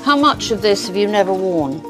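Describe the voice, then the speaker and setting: British woman interviewer, direct and probing, lively intonation. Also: mid-range voice, a little fast, music in the background. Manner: direct, pointed questioning. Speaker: documentary presenter.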